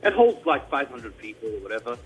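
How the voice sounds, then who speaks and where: A man from Australia, a tribute performer, telling a story in a casual radio interview, with an animated delivery full of restarts and a mild Australian accent. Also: mid-range voice, fairly quick, breathy edge, soft background music, rough recording. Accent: mild Australian, mostly hidden.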